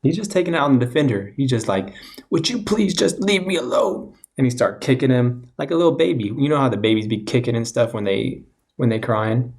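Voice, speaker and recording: A man's voice: medium pitch, quick pace, darkish tone. A man co-hosting a casual sports podcast, laughing often and cracking jokes. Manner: laughing, wisecracking. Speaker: podcast co-host.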